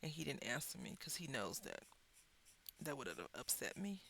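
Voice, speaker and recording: A crafting host talks while she works, spinning an everyday story with animated, chatty energy and dry little asides. Her voice is bright and forceful, with a gravelly fry running under it. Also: rumbling low, moderate pace. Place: at a craft table.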